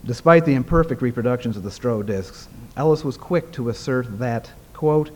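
A man reads a prepared talk aloud to a gathering. His delivery is measured and formal, and his pitch sits in a middle range. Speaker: presenter. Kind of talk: reading a prepared paper aloud.

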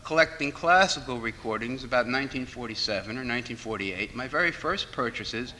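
A middle-aged man, reminiscing in an unhurried lecture and pausing on frequent "uh" fillers. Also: medium pitch, animated, bright, forceful tone, slight background noise. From New York. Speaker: speaker on record collecting. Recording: long hall reverb.

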